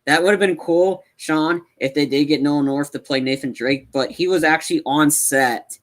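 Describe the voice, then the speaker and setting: A man co-hosting a casual movie podcast, rambling and excitable, with many restarts. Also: on the high side, moderate pace. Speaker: podcast co-host.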